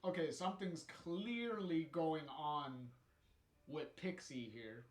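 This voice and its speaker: A man's voice: a little high, animated, slow, reverberant. A man streaming live, reading a comic aloud and chatting about it casually, swearing freely and laughing easily. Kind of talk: casual live read-along commentary.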